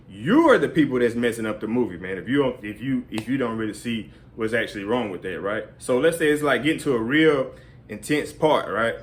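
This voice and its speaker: A man's voice: medium pitch, lively intonation, fairly quick. A man giving casual advice in a rambling way, full of fillers. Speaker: vlogger.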